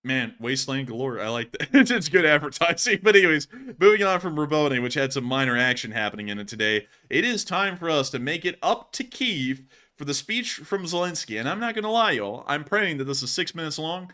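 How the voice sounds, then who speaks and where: Man, from the US, commentary host, casual, laughs a lot, higher pitch, bright tone. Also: very animated. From United States. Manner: chatty, laughs often, drawn-out asides. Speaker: war news commentary host.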